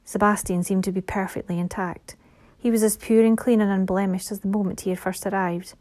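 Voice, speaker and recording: Woman reading a fantasy novel aloud, soft and measured, mellow darkish tone, sometimes whispery. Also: mid-range voice, flat delivery. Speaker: audiobook narrator. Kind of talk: scripted fantasy narration.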